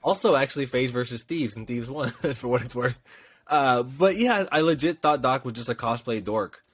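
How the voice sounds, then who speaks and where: Male podcast co-host, lively storyteller, mid-pitched, dry close mic. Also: moderate pace, dry recording. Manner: animated storyteller, acts out quotes in raised voices. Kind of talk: casual chat.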